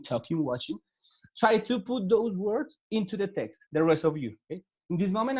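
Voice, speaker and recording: A man with a high, slightly mellow voice teaches an online class over a video call, speaking English with a Spanish accent. He's from Latin America and speaks patiently, repeating words and walking students through instructions step by step.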